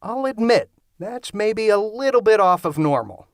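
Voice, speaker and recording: A man voicing a deadpan, sarcastic young man who doubts everything, in a lively audiobook reading. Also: high voice, normal speed, dry recording, voice pushed up. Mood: startled. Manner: dry, sarcastic.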